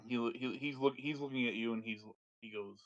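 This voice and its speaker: A man's voice: mid-range voice, a little fast, a bit bright, lo-fi sound. Man narrating as game master. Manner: restless, full of restarts.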